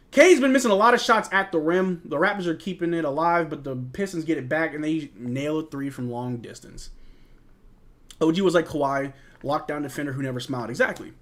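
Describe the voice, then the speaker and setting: A young man hosting a casual live watch-along of a basketball game, calling plays, answering chat and trash-talking players. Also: fairly high pitch. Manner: chatty, reads and answers chat, jokes and trash talk. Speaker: host of a fan live stream.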